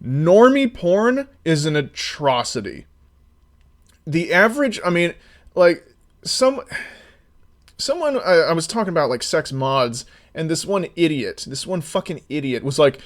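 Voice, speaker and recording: A man talking casually on a live stream, rambling with many restarts and sometimes getting loud and exasperated. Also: fairly high pitch, big pitch swings, unhurried.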